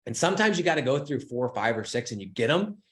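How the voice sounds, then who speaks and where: Excitable swearing man telling a story. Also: mid-range voice, fast. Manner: excitable, swearing, animated retelling with voiced quotes. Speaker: business coach. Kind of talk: casual storytelling to followers.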